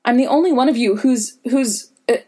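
A woman's voice: mid-range voice, moderate pace, a little mellow, distant mic, lightly acted. A woman voicing an eager, earnest teenage boy who is stubborn and insistent.

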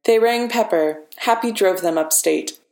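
A woman's voice: medium pitch, a little slow, darkish tone, pitched above the performer's own voice, natural voice. A woman voicing a cheeky female AI assistant with a light, teasing manner. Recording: echoey room.

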